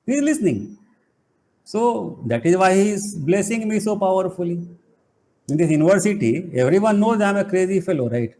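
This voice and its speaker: A middle-aged man, giving an animated spiritual talk full of playful, emphatic rhetorical questions. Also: high-pitched, moderate pace. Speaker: spiritual teacher and college head.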